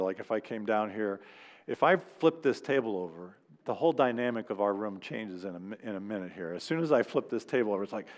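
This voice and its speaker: A man's voice: medium pitch, big-room sound. A man preaching a sermon as pastor in a church, speaking conversationally and acting out quoted lines. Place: church sanctuary.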